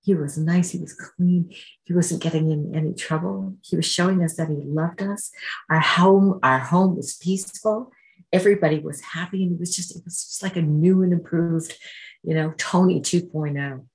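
A Canadian speaker shares an emotional personal testimony at a recovery meeting, acting out voices from memory as the story unfolds. The voice is mid-range and creaky, with fairly even intonation and a moderate pace, and the audio quality is poor.

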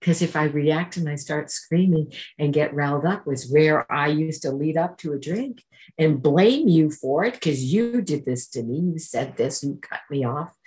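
A woman's voice: sits low, a little mellow, low-quality recording. A woman sharing her personal recovery story at a meeting, earnest and conversational, acting out the exchanges she describes.

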